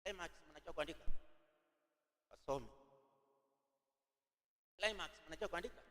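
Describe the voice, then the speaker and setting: A Kenyan man teaches from the pulpit with a high, forceful voice, dictating each point slowly and saying it again and again so listeners can write it down. His words ring out with a long reverb in a large hall. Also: sing-song. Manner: repeats phrases slowly for note-taking, mixes in Swahili. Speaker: preacher teaching at a youth camp. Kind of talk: teaching sermon dictated as notes.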